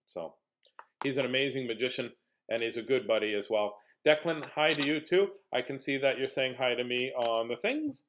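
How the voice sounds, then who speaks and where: A man's voice: mid-range voice, expressive, moderate pace, fairly bright tone, slight background noise. A man hosting a casual read-aloud stream for children, chatting playfully and joking with young viewers between pages. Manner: jokey, clowning between reading. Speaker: children's book reader and host.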